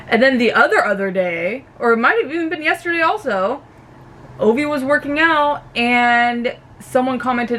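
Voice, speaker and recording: A young woman vlogger ranting casually about a reality show, animated and swearing freely. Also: a little high, normal speed, slight background noise.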